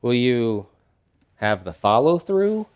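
A middle-aged pastor preaching in a casual, conversational way. His voice sits in an ordinary male range but swings widely, rising loud and emphatic on key lines and dropping to near-quiet asides. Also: mid-range voice, big pitch swings, takes it slowly, dull audio. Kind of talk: sermon.

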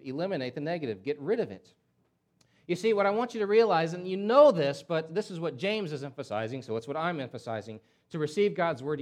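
Male pastor, somewhat high voice, passionate sermon delivery with big dynamic swings and rhetorical questions. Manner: impassioned, surges loud and high, then drops to near-hush; emphatic repetition, rhetorical questions.

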